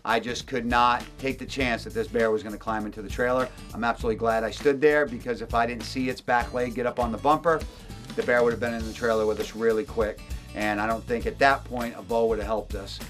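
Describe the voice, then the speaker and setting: A man recounts a hunt as a guide, leaning hard on his words and repeating them for stress. His voice sits at an ordinary middle pitch. Soft music runs quietly beneath him. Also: steady tone, brisk. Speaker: hunting guide. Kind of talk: storytelling narration.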